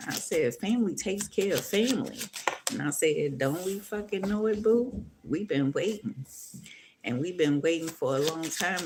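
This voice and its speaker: Low-voiced woman giving a profane tarot reading. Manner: profane, rambling, talks to viewers as "boo" and "baby". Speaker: tarot reader. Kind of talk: casual spoken tarot reading. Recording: steady background noise.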